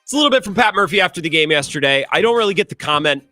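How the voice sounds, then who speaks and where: A man hosting a sports talk radio show, giving opinionated takes in a sarcastic, animated way. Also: high-pitched, faint music behind. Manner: animated, sarcastic, quick asides.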